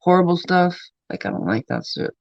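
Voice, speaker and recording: A chatty man rambles through stories on his livestream, peppering them with casual swearing. His voice sits a little high for a man. The sound is dull and lo-fi, with a close, dry feel and no room echo. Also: big pitch swings, fairly quick, vocal fry. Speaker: streamer.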